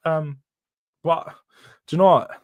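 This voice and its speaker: A man's voice: fairly high pitch, fairly even intonation, unhurried. A young man with a London accent hosting a casual football live stream, bantering with the chat in slang. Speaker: host.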